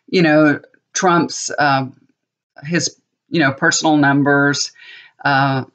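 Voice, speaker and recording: A woman's voice: low-pitched, a bit bright. A middle-aged woman and tarot reader chatting casually to viewers, rambling and laughing often. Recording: slightly dull lo-fi audio.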